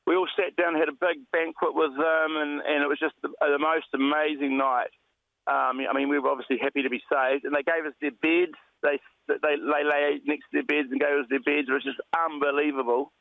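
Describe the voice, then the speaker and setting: A man being interviewed as a shipwreck survivor, retelling his rescue in a rambling, animated way, full of restarts. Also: a little high, brisk, gravelly, no room sound. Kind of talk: phone interview storytelling. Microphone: telephone. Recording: tinny phone line.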